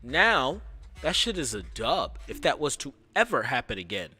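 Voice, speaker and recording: Animated, bright-voiced male streamer. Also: medium pitch, moderate pace, faint music behind. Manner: animated, profane, rambling. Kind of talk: casual storytime livestream.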